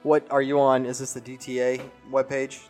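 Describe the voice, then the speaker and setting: A man co-hosts a casual studio podcast in a middle-pitched voice. He jokes around and tells stories in a relaxed, conversational way. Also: music in the background. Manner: jokey, storytelling, quick to laugh. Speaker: podcast co-host. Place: recording studio.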